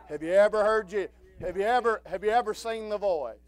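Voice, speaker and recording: A man preaching a sermon, swinging from quiet low talk to shouted, drawn-out preaching.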